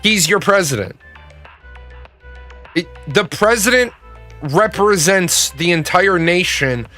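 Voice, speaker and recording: A man's voice: high voice, animated, slow pace, pushed and bright, faint music behind. A man giving a blunt, profane political opinion rant in a casual, emphatic way. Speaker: political commentator.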